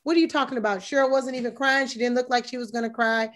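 A woman talking as a guest in casual chat, emphatic and animated, with mocking asides. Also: on the high side, fast talker. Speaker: yoga instructor.

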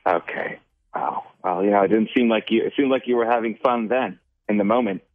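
A man's voice: fairly low pitch, fairly quick, no echo. A man calling in to a radio show, sounding defensive and joking around. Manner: defensive, jokey. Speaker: radio caller. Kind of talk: phone-in radio chat. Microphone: telephone. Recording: tinny phone line.

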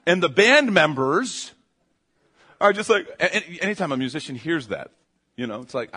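A man preaching a conversational sermon. He tells stories in an animated way, restarts his phrases and keeps checking in with his listeners. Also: fairly high pitch, normal speed, breathy edge. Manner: self-interrupting, restarts phrases. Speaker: pastor.

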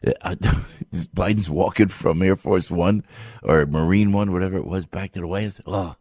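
An older man delivers rambling, exasperated commentary, tripping over restarts as he goes. His voice sits very low, and the sound is close and dry, with no room around it. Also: moderate pace, a little mellow, slightly rough, dry recording. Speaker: political commentator. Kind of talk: ranting commentary.

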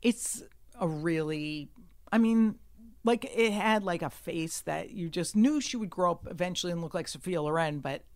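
A woman telling a story in casual chat, brash and profane, swinging from hushed asides to shouting. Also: on the low side, normal speed, no room sound.

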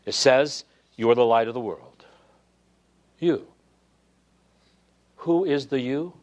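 A man preaching a sermon, building to emphatic peaks and then dropping low and quiet. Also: takes it slowly. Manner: preaching with swelling emphasis, dropping to near-whisper at times. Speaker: pastor.

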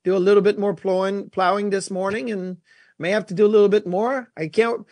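High-voiced man telling hockey stories. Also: brisk, dry recording. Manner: storytelling, animated. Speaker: co-host, former goalie. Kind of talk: casual sports chat.

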